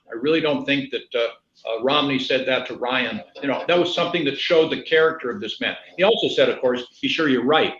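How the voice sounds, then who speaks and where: A man's voice: medium pitch, a bit bright, a little hiss or hum. Earnest man in a roomy, dull-sounding call. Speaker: candidate. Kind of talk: measured conversational answers. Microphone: video call.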